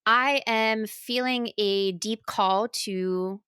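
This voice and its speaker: A woman co-hosting a casual spiritual podcast, congested from a cold, talking slowly and reflectively. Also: medium pitch, bright, forceful tone, clean tone, no echo, studio quality. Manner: slow and reflective, laughs often. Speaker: podcast co-host.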